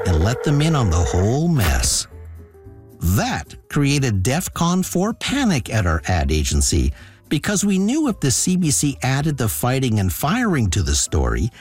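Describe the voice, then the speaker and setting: A man tells a personal story with a dry, wry sense of humor. His pitch swings widely from line to line, and his voice has a husky edge. Faint music plays underneath. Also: a little mellow.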